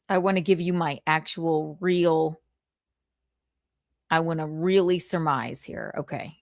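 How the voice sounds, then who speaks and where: A woman's voice: sits low, measured pace, creaky, pauses often, no echo. Chatty woman streamer, dry close mic. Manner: candid, swears freely, laughs often. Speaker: livestream host. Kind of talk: casual livestream chat.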